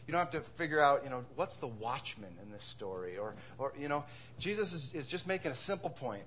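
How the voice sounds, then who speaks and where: A man's voice: medium pitch, lively intonation, fairly quick, a bit bright, slight background noise. A man from Wisconsin preaching a sermon as pastor, conversational, asking rhetorical questions and repeating words.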